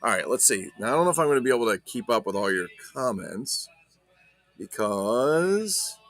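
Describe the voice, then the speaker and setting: A man's voice: mid-range voice, big pitch swings, moderate pace, fairly bright tone. A man hosting a casual collector vlog, chatting about his finds in a profane, enthusiastic, rambling way. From not Ireland. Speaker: collector vlogger. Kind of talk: casual unboxing chat.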